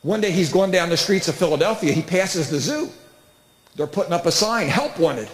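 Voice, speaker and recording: Middle-aged male comic, high voice, spinning animated stories, roomy hall sound. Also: normal speed. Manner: storytelling with big animated voices. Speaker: comedian. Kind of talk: stand-up comedy talk. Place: church hall with live audience.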